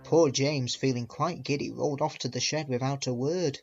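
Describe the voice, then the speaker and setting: A man reading a children's storybook aloud as narrator, with a lively, expressive delivery. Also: medium pitch, normal speed, gravelly, dull audio, faint music behind.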